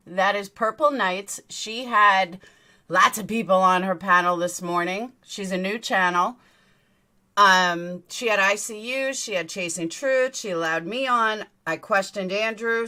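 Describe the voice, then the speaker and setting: A woman with a bright, mid-pitched voice hosts a casual commentary stream. She talks to her viewers with exasperated, sarcastic asides. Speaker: channel host, commentator.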